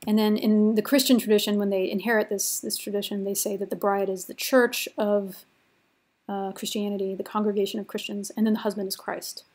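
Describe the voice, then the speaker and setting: A woman's voice: mid-range voice, level tone, brisk, darkish tone. A woman giving a recorded literature lecture in a chatty, informal way, with many casual fillers.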